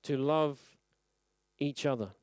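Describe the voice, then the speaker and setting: A man preaching a sermon at a church service, earnest and reflective, letting his phrases fall softly at the end. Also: a little high, slow, dry recording.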